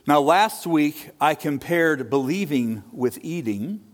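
Animated male preacher with rhetorical questions. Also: fairly high pitch, slow, hardly any pauses. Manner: animated, rising and falling delivery. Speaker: pastor. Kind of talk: sermon.

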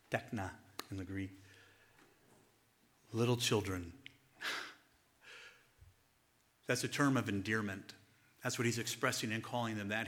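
Male pastor, sermon delivery, sharp bright tone, hushed whispers for emphasis. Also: medium pitch. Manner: chuckles between points.

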